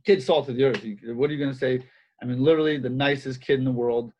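A man's voice: mid-range voice, fairly even intonation, quick pace, a little mellow, slight background noise. A man who coaches wrestling, telling stories in a casual interview with lots of repeated phrases and fillers. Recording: dull lo-fi sound.

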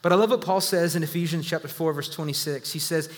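A man in his thirties preaching a sermon, telling a story with self-deprecating humor and sudden animated bursts. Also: on the high side, fast talker, few pauses, big-room sound. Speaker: pastor.

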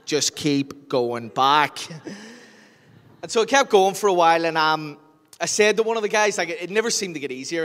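A man with a Northern Irish accent preaching a sermon as pastor, telling jokey stories and acting out scenes. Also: a little high. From Northern Ireland. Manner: animated storyteller, jokey, acts out scenes. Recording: long hall reverb.

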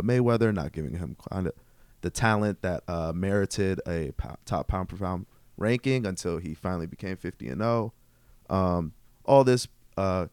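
Deep-voiced man reading a halting segment. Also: a little mellow, clear, resonant tone, dry recording. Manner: halting, many ums and uhs. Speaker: co-host presenting a segment. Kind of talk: reading a sports news segment.

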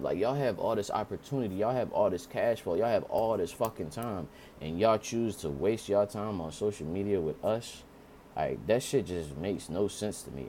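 A man ranting in casual commentary, profane and animated, jumping into mocking high-pitched impressions. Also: slight background noise.

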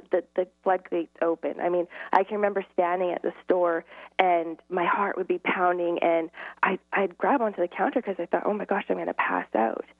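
A woman's voice: fairly low pitch, gravelly, no echo. A middle-aged woman, a guest, telling stories earnestly, acting out dialogue and laughing often. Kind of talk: casual interview storytelling. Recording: tinny phone-line audio, dry.

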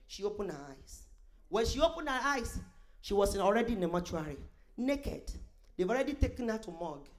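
High, lively woman preacher telling a testimony, emphatic with exclamations and asides. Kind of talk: sermon testimony storytelling.

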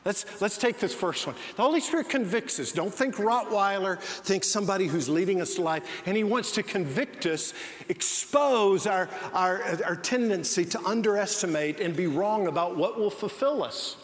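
A man's voice: sits high, animated, normal speed. A man preaching a sermon as pastor, telling stories with frequent restarts. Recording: long hall reverb, faint noise.

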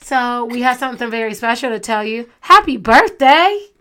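A woman's voice: on the high side, little pitch movement, brisk, fairly bright tone, smooth. A woman hosting a podcast, talking in an earnest, conversational way. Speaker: podcast host. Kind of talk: casual podcast talk.

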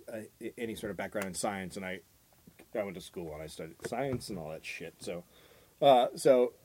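A man co-hosting a comedy podcast, telling stories and tossing in wry, deadpan, profane remarks. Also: lowish voice. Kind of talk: casual profane chat.

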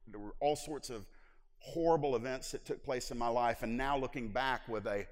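A middle-aged man preaching a personal testimony in church, moving from hushed confession to loud exhortation. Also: medium pitch, normal speed. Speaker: preacher giving his testimony. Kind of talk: sermon testimony. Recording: long hall reverb.

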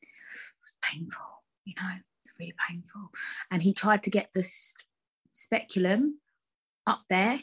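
A woman's voice: mid-range voice, measured pace, pauses often, husky. Blunt, ranting young woman. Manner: blunt, candid, swearing, ranting. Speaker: podcast host. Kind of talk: casual solo podcast chat.

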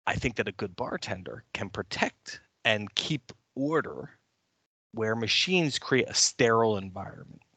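An American man co-hosting a podcast in casual chat, animated and opinionated, sometimes acting out quotes with loud shouting. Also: fairly low pitch, a little slow, husky, no echo. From United States. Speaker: podcast co-host.

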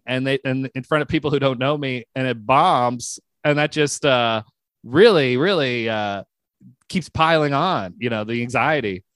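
A man co-hosting a casual podcast, telling a story animatedly and breaking into loud mock yelps. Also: mid-range voice, no room sound, studio quality. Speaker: podcast co-host.

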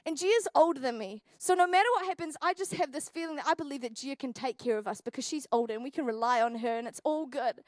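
A young woman, preaching a church sermon and telling a funny personal story with animated, jokey delivery. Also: high voice, quick pace, few pauses, dry recording. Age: 20s. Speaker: youth pastor. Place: church hall.

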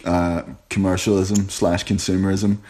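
A man's voice: sits low, flat delivery, moderate pace, warm tone, slight background noise. A man with a Northern Irish accent, a comic writer talking casually in an interview and thinking aloud as he goes.

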